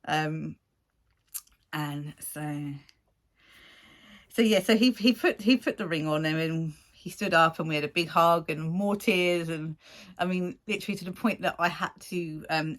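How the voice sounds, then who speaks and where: Woman, 40s, low pitch; casual vlogger telling a story, animated and rambling. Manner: rambling, animated, laughs often, acts out quotes.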